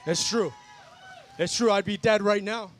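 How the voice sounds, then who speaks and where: A high-pitched, slightly bright male voice speaks at a measured pace over a little hiss or hum. He is the guest speaker at an outdoor worship gathering in a park, giving a fervent testimony in an emphatic, repetitive way and frequently saying "guys" to the crowd.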